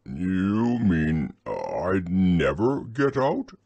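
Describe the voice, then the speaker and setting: A man doing a slow, gloomy storybook bear. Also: low-pitched, very animated, creaky, dark tone, slightly rough, no room sound, exaggerated voice. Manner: slow, anxious, sniffling. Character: slow, gentle, gloomy male teddy bear.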